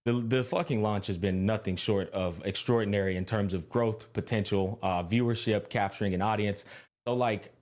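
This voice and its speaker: A man's voice: lowish voice, normal speed, a little mellow. A young man co-hosting a podcast, talking casually with lots of energy and a bit of swearing. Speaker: podcast co-host. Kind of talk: casual chat.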